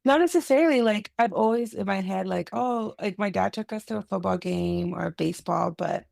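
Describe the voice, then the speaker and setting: A woman's voice: mid-range voice, fairly quick, gravelly, darkish tone, no room sound, clean studio sound. A woman guest on a casual video-call podcast, thinking aloud with lots of fillers. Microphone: video call mic.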